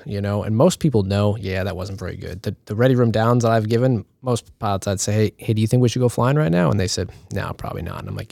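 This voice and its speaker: Fast, gravelly man giving earnest advice. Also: on the low side, darkish tone, no room sound. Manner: earnest, advising. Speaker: senior instructor pilot. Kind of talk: casual roundtable chat.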